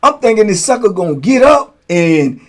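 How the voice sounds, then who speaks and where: A man telling stories from prison in a casual, animated way, acting out blows with sound words. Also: sits high, moderate pace. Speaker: storyteller, host.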